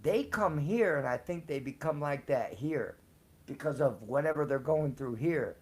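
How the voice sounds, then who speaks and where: A man's voice: fairly high pitch, expressive, normal speed, husky. A man casually telling personal stories, slangy and profane, laughing often. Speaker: storyteller on a live show. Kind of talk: casual storytelling.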